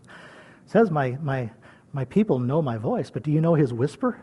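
An older man preaching in a folksy, homey manner, with a fairly high voice. He chuckles often and drops from ringing calls to near whispers. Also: very animated, moderate pace, slightly rough, dull audio. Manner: swings between loud calls and soft whispers. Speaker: pastor. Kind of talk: sermon.

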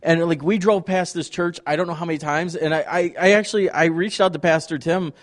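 A middle-aged man speaking as a visiting ministry leader at a church, telling stories in an excited, rambling way. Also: a little high, a little fast. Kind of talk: testimony talk to a congregation.

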